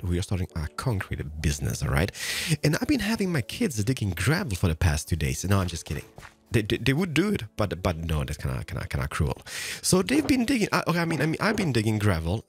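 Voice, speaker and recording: A man's voice: medium pitch, slightly rough. A man hosting gameplay commentary in a playful, goofy way with sing-song jokes and a groggy morning voice. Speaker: video game host.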